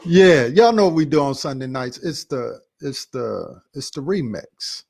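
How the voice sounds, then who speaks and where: A man hosting a church talk show, casually recapping a sermon in a relaxed, repetitive, slangy way. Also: mid-range voice, unhurried, gravelly, slightly rough. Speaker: pastor and show host.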